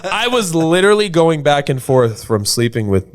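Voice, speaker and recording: A man in his twenties, a podcast guest, telling a story in an animated, casual way, swearing freely and acting out what others said. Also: on the high side, normal speed, a crowd in the background. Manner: animated, swears freely, acts out quoted voices.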